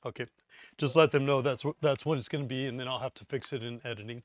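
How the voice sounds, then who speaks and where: A man's voice: medium pitch, fairly even intonation, fast talker, no room sound. Chatty man teaching a live class. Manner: chatty, joking, rambling asides. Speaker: preparedness course instructor. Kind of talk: live class presentation with jokes. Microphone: lapel mic.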